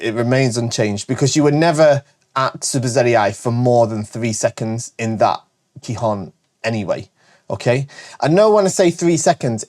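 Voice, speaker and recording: A man with a northern English accent, hosting a casual show where he answers viewer questions, talking fast and chattily with frequent self-corrections. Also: mid-range voice, a little mellow. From Britain. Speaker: host.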